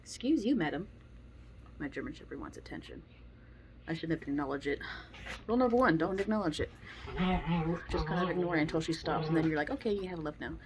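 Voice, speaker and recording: A woman's voice: deep voice, brisk, pauses often, a crowd in the background. A young woman giving blunt, opinionated advice about dogs and kids in a casual monologue. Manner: blunt, opinionated, acts out quoted voices. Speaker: dog trainer vlogger.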